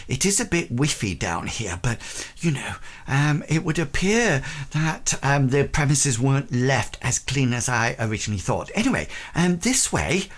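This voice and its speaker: A man's voice: mid-range voice, big pitch swings, normal speed. A man voicing a genteel, fussy lady merchant who hesitates and ums politely. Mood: flustered politeness.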